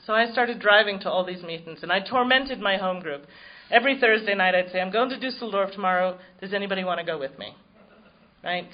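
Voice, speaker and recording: Woman, recovery meeting speaker, wry self-mocking storyteller, personal testimony, dull muffled recording. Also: medium pitch.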